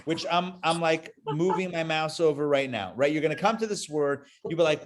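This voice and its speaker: A man's voice: fairly high pitch, moderate pace, few pauses, soft background music. A man teaching a live online Hebrew reading class, chatty and joking as he drills syllables aloud on a video call.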